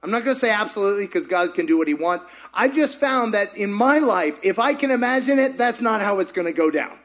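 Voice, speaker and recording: A male pastor preaches with animated energy, tossing rhetorical questions out to the room. His voice sits high for a man and swings between loud bursts and softer asides. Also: fairly quick. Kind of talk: sermon.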